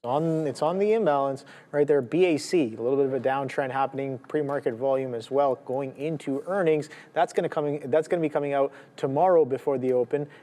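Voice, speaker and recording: Mellow-voiced man running down tickers. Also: medium pitch, a little fast, few pauses. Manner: rambling, lists tickers with many fillers. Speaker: trading show co-host. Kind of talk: live market commentary.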